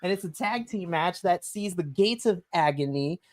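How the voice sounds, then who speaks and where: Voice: mid-range voice, expressive, normal speed, darkish tone. An enthusiastic podcast co-host recapping wrestling in a rambling, giggly casual chat on a home stream mic. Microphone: home mic on a live stream.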